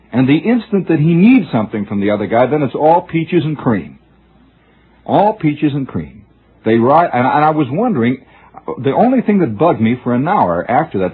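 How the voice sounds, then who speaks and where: Husky rambling radio storyteller, man. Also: mid-range voice. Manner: discursive, musing, restarts often. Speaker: radio monologist. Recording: tinny old radio broadcast.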